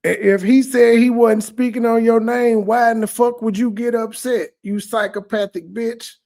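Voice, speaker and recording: A man delivers reaction commentary in a blunt, mocking, insulting manner. His voice sits high and carries a gravelly fry. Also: little pitch movement, moderate pace, a little mellow. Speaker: commentary host.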